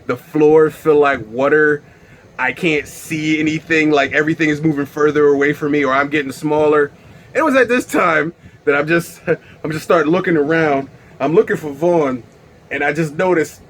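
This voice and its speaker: A young man telling a wild story on his vlog in a casual, animated way, swearing and bursting into loud exclaims. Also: a little high, a little slow, vocal fry, a little hiss or hum. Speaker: vlogger.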